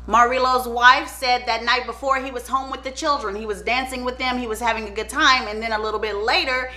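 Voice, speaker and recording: A woman hosting her channel, telling a true-crime story in a chatty, animated way and acting out the people in it. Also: fairly high pitch, fairly quick, soft background music. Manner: animated, chatty, acts out the quotes.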